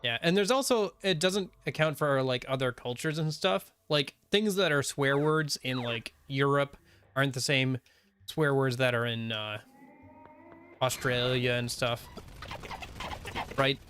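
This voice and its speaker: A man's voice: medium pitch, a little slow, fairly bright tone, clean tone. An American man giving casual, wry commentary while streaming a video game.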